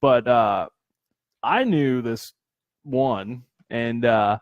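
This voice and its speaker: A man co-hosting a casual comedy podcast, telling animated stories, swearing a lot and laughing often. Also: mid-range voice, extremely slow, no room sound, narrow, tinny audio. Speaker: podcast co-host.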